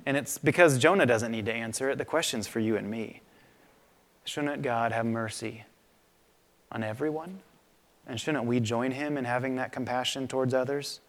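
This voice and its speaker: A man pastor preaching a sermon in a conversational, animated way, in a church sanctuary. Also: medium pitch, moderate pace. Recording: long reverb of a large hall.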